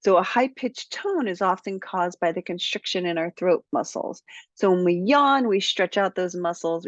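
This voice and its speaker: A woman's voice: lowish voice, dry recording, muffled recording. Upbeat woman coaching on speaking. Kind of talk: tutorial to camera.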